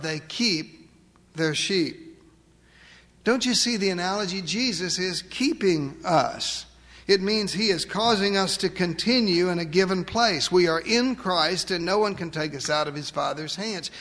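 A man preaching a sermon, emphatic, asking rhetorical questions and slowing down to stress key words. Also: high-pitched, a bit bright, big-room sound. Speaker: pastor.

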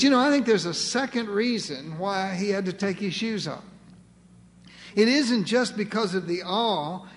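A man with a high voice preaches a sermon as pastor. He speaks earnestly, slowing for emphasis and repeating his key phrases. His voice trails off into the long reverb of a large hall.

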